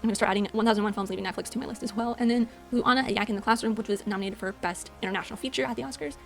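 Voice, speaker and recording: A woman's voice: medium pitch, fairly even intonation, racing, soft background music. A woman hosting a movie channel, chatting casually through a monthly recap of what she watched, rambling and correcting herself as she goes. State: out of breath. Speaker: movie channel host and podcaster. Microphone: voice-over, no camera.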